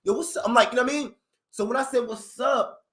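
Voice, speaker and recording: A young man telling a street story in slangy, animated talk, acting out other people's lines in raised voices. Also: very high-pitched, fast. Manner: acts out others' lines in raised voices, slangy, fillers like "you know what I mean". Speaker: storyteller recounting his past.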